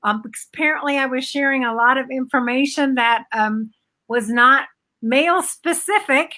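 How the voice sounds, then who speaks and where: A woman guest speaking over a video call, talking reflectively with pauses and fillers about her own life. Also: sits high, sharp tone. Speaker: guest, bereaved mother and blogger. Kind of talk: casual conversation.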